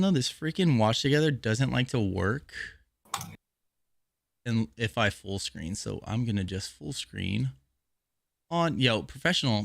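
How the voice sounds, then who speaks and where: A man's voice: fairly low pitch, creaky, a bit bright, no room sound, studio quality. A man hosting a podcast in casual chat, upbeat and joking at his own expense. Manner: upbeat, joking, self-mocking. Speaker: podcast host.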